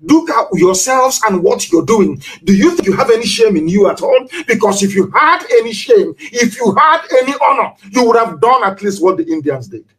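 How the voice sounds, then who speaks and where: A man's voice: high-pitched, sing-song, moderate pace, few pauses, a bit bright, poor audio. A man giving an impassioned live broadcast speech as a political leader, repeating himself for emphasis and firing off rhetorical questions. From Nigeria.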